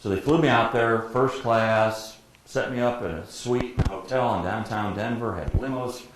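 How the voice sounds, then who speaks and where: A man's voice: mid-range voice, normal speed. Older man spinning stories in an echoey hall. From Detroit, USA. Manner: lively storyteller who acts out quotes and laughs often. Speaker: guest speaker, professional sportscaster. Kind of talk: anecdotal storytelling talk. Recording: very echoey room, faint background noise.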